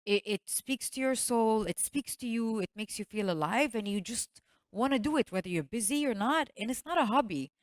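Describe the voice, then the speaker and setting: A woman entrepreneur speaking on a panel, telling stories in a lively way and laughing often. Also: on the high side, fairly quick, dry recording. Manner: storytelling, animated, laughs often. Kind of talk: panel talk.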